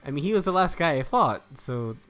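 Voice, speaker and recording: A man's voice: on the high side, big pitch swings, brisk, a bit bright. A young man giving casual, joking let's-play commentary, rambling and laughing at himself. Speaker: gameplay commentator. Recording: faint game music behind.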